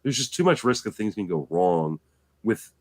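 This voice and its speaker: Telling stories in an animated, casual chat, a podcast co-host who is still recovering from an illness swears now and then. He speaks at normal speed in a voice on the low side.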